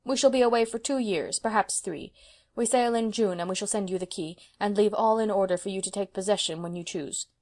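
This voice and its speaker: A woman voicing a proud, brisk spinster of seventy, speaking emphatically and sternly. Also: mid-range voice, darkish tone, natural voice.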